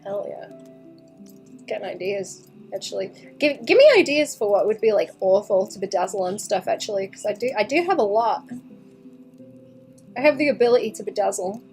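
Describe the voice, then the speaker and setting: A young woman livestreams herself drawing, chatting casually with viewers, muttering as she works, laughing often, and swearing freely. Her mid-range voice is animated and darkish at a normal speed, with faint music in the background.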